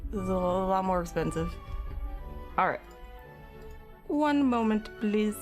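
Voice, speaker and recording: A woman's voice: mid-range voice, expressive, unhurried, faint music behind. Chatty woman streaming at her art desk. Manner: chatty, greets viewers by name; drops into soft mutters and whispers. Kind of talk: casual chat with live chat. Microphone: camera mic.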